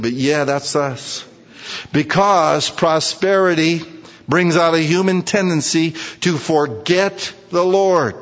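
A man with a fairly high voice preaches a sermon, lively and animated, acting out prayers as he goes. The sound is a little muffled and lo-fi. A long reverb trails behind him from a large hall. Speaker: pastor.

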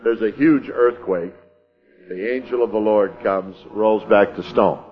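A lowish male voice at a measured pace delivers a sermon, folksy in tone, reading scripture and then dramatizing the scene in plain language with chuckles. The audio sounds dull.

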